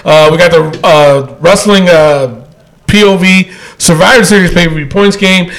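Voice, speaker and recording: A man's voice: sits high, normal speed, fairly bright tone, poor audio. A man hosting a casual wrestling podcast, rambling loosely with lots of fillers and laughter. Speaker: podcast host.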